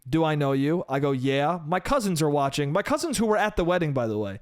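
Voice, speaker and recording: Young male solo podcaster, slightly high voice, swears a lot, says "bro" constantly. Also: fast talker, no room sound, clean studio sound. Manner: profane, animated, frequent "bro" and "dude". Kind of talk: casual storytelling monologue.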